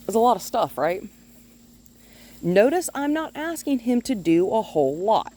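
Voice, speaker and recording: A woman dog trainer filming outdoors on a phone held in one hand, calmly explaining her methods and now and then talking to the dog in a high sing-song voice. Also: moderate pace. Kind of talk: instructional dog-training video. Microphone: phone held in one hand while filming.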